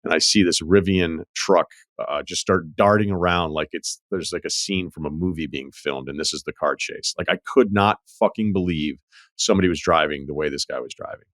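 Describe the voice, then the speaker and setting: A man's voice: sits low, brisk, a bit bright, dry recording, studio quality. A man hosting a podcast, telling stories in a wry, profane, casual way. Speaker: podcast host. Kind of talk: casual chat.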